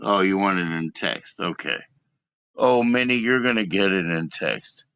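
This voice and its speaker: A man's voice: low voice, animated, unhurried, a bit bright, clean tone, dry recording. Teasing, chatty man live-streaming. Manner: teasing, chatty, inviting viewers to join. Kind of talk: casual live-stream chat.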